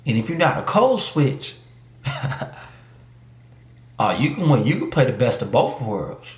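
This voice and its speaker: A male YouTube commentator with a medium-pitched voice swings widely in pitch while speaking unhurriedly in a reverberant space. His casual opinion piece is emphatic, slangy street talk laced with mock voices and mocking asides.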